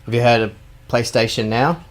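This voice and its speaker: A man with an Australian accent, co-hosting a casual podcast and telling stories in a sweary, animated way. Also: mid-range voice, moderate pace. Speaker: podcast co-host. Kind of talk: casual chat.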